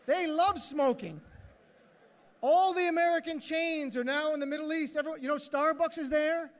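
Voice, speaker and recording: Guy doing stand-up as emcee, very high voice, big ballroom echo, acts out bits. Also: moderate pace. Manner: joking, animated, acts out characters. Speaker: master of ceremonies. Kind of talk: stand-up comedy routine. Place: large hotel ballroom. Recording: echoey hall.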